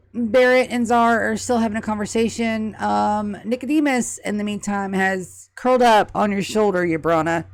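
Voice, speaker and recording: A woman game master narrates a tabletop game. She tells the scene in a chatty, lively way at a middle pitch. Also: no echo.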